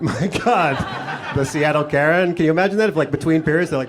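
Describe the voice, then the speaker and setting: A man's voice: a little high, quick pace. A middle-aged man doing a sarcastic stand-up set on a comedy club stage, talking into a handheld mic. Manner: sarcastic, riffing. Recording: noisy live club recording.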